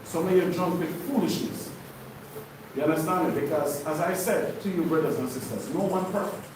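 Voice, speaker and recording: A man's voice: a little high, normal speed. A man leading a sermon-style Bible study for a congregation, preaching with call-and-response questions. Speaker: teacher of a congregation. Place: congregation hall. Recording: very echoey room, far from mic, noisy.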